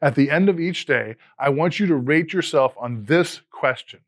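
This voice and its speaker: A highish, animated and somewhat bright male voice comes through a dry recording. He's an educator and podcast host in his fifties, giving fellow teachers an earnest, scripted motivational talk in measured tones.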